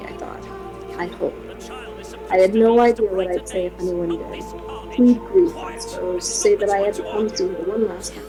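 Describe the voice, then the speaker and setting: Woman, streamer, reading horror novel aloud, steady delivery, middle pitch. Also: rough recording. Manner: steady first-person reading, occasional swearing asides.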